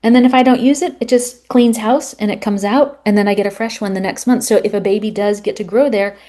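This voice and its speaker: A woman's voice: medium pitch, a little fast. A woman being interviewed as a health author, talking casually and acting out little scenes as she tells stories. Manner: animated storyteller, acts out little scenes. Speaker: guest, women's health author.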